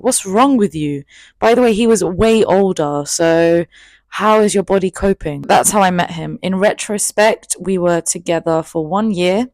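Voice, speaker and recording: A woman's voice: fairly low pitch, a little mellow, no echo. A woman in her twenties telling a personal story in a chatty, candid, self-mocking vlog. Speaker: vlogger.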